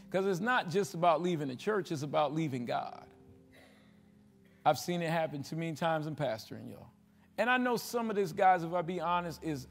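A male pastor delivers a sermon in a church, pushing the congregation with rhetorical questions. His voice sits high and swings from booming exhortation to near-whispered asides. The sound hangs in the long reverb of a large sanctuary on a livestream. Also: gravelly. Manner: preacherly call-and-response, swinging between loud exhortation and hushed asides.

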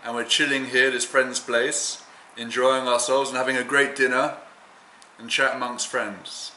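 A man introducing himself calmly to a friend's grandmother on camera. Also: mid-range voice, moderate pace, echoey room, a little hiss or hum, poor audio.

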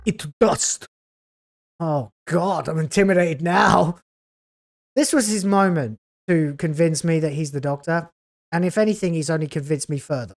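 A woman's voice: low-pitched, normal speed. A woman hosting a video reaction, talking in a sarcastic, scathing way with exasperated groans. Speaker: YouTube reaction host.

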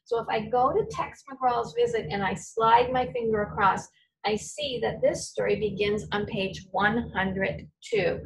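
A woman's voice: fairly high pitch, sing-song, creaky, distant mic, rough recording. A woman teacher giving a patient, step-by-step reading lesson to young children. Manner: patient, slow, step-by-step explaining.

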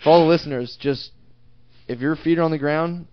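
A man's voice: a little high, fairly quick. Profane young man, lo-fi podcast. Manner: profane, storytelling, laughs often. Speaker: podcast co-host. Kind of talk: crude casual chat. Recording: dull lo-fi podcast audio.

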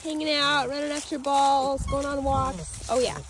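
A woman's voice: sits high, flat delivery, normal speed, noisy background. A young woman dog breeder cooing at a puppy in sing-song baby talk.

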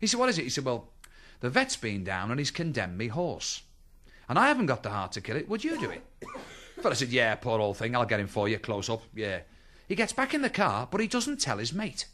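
A man's voice: mid-range voice, fairly quick. A middle-aged man doing stand-up, telling chatty anecdotes on stage and acting out the people in them. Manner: chatty anecdotes, acts out voices, lively. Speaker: stand-up comedian. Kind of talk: stand-up storytelling. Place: stage with live audience laughter.

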